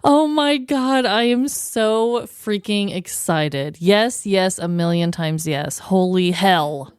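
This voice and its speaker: A woman's voice: medium pitch, takes it slowly, clean tone, dry recording, clean studio sound. A woman co-hosting a podcast in casual chat, emotional and laughing often. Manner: giggly, emotional, exclaims often. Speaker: podcast co-host.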